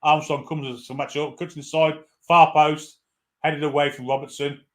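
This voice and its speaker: A man's voice: a little high, level tone, moderate pace, fairly bright tone. A man giving live fan commentary on a football match, irreverent, swearing freely and reading out viewer comments.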